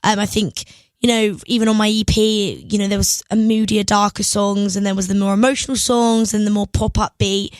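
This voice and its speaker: A woman's voice: mid-range voice, steady tone, fairly quick, dry recording. A young woman from England with an English accent, chatting casually as a guest in a radio interview, laughing often between thoughts. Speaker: guest singer.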